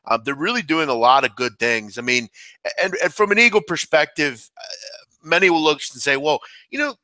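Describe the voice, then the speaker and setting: Bright, dry-voiced sports analyst. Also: male voice, fairly high pitch, a little fast, dry recording. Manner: talkative, fills with "I mean". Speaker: sports bettor.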